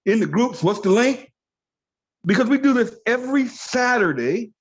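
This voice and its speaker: A man giving an emphatic, motivational training talk on a video call, repeating his key phrases to drive them home. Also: high voice. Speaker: network marketing trainer. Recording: dull lo-fi call audio.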